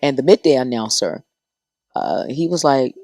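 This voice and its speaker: A middle-aged woman, a radio personality, telling stories as a podcast guest, animated and acting out the voices of people she quotes. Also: rumbling low, moderate pace, creaky, no room sound, studio quality. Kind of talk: casual podcast storytelling.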